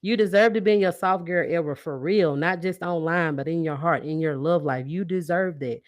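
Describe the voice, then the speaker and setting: A woman's voice: on the low side, normal speed, no echo, clean studio sound. Woman host preaching to her listeners. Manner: preachy, call-and-response, laughs and sighs often. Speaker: podcast host. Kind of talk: motivational podcast monologue.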